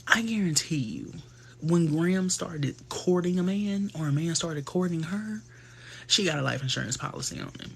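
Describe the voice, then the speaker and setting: A man hosting a live stream, chatting casually and telling gossipy stories full of slang and quick asides. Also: on the high side, animated, creaky, a bit bright, slight background noise. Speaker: livestream host.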